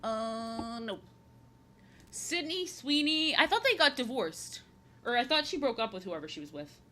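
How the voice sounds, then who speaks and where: Her voice a little high and sharp, swooping wildly in pitch at a slightly quick pace, a thirtysomething woman chats casually as she paints on stream. She rambles, echoes her own phrases, and playfully drops into silly voices.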